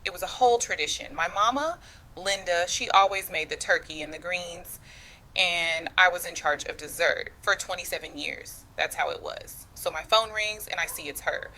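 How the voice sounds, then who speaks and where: A woman in her thirties tells her own family drama in the first person, leaning in close to the listener with slangy, confiding asides. Her voice sits on the low side but comes across bright and forceful. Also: normal speed. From United States. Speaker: storyteller.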